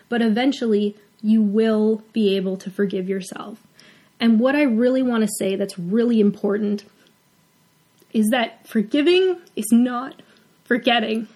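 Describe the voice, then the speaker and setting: Hosting a heartfelt advice talk, a woman veterinarian speaks earnestly, sometimes emotionally, encouraging other vets. Her voice is mid-range and mellow.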